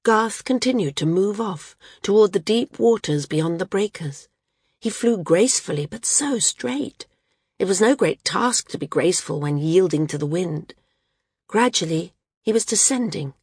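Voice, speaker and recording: Husky woman reading a novel aloud. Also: lively intonation, no room sound, clean studio sound. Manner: measured reading, lifts pitch for shouted dialogue. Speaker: audiobook narrator. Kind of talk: scripted narration.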